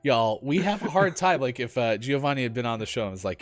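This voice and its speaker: A man's voice: mid-range voice, fast talker, no echo. A man hosting a casual morning gaming show, joking and reading out chat messages. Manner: joking, lively, reads chat aloud. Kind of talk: casual live-stream banter.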